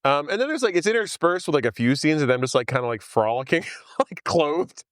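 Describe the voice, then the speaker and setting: A man's voice: on the high side, expressive, brisk, no echo, clean studio sound. A man casually recapping a film on a podcast, rambling with many fillers and frequent laughs. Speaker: podcast host. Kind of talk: casual movie recap chat.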